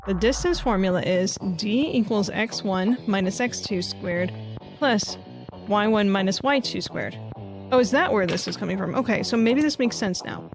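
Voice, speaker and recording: A woman's voice: mid-range voice, normal speed, music in the background. A woman streamer thinking aloud as she works through a puzzle game, muttering to herself and swearing when she gets frustrated. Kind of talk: casual live game commentary.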